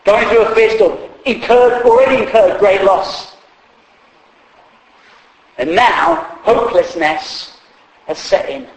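A man's voice: sits high, slow, long pauses. A man preaching a sermon in a humorous, conversational way, acting out quotes along the way. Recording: echoey hall.

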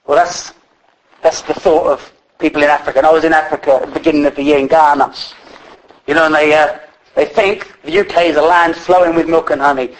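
A man preaching a relaxed, chatty sermon that is often broken up by fillers and restarts. His speaking voice sits somewhat high for a man. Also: brisk, low-quality recording. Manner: conversational, with many fillers and restarts.

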